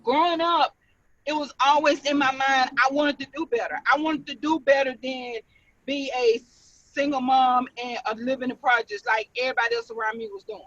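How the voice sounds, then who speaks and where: Woman caller, high and dry, eager, thankful testimony over a lo-fi line. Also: dry recording. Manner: excited, thankful, fast-talking. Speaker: call-in participant. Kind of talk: casual testimonial.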